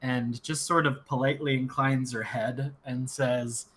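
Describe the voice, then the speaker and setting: A man playing a tabletop game, narrating his moves with dry wit. His voice is bright, and faint noise sits behind it. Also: medium pitch, level tone, unhurried. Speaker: player. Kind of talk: casual tabletop game play.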